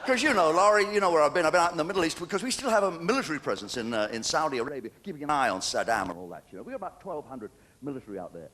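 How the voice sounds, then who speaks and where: A man's voice: fairly high pitch, expressive, racing, hardly any pauses, a bit bright, long reverb tail. An older English man doing a stand-up comedy routine, chatty and cheeky, chuckling between jokes. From England. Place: theatre stage with a live audience. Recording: noisy 1990s VHS stage recording.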